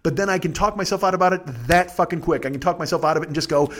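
A man with a high-pitched voice rants in casual podcast chat. He swears freely and runs himself down, jumping from loud emphatic bursts to low mumbles. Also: racing. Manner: profane, rambling, self-deprecating rants. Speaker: podcast host.

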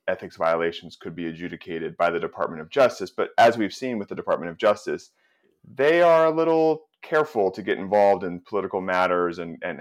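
A very low male voice talking through politics in a relaxed way, working out his thoughts as he goes. He hedges and restarts his sentences like a guest on a podcast panel. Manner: thinking aloud, with restarts and hedging. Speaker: journalist guest. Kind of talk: casual political podcast discussion.

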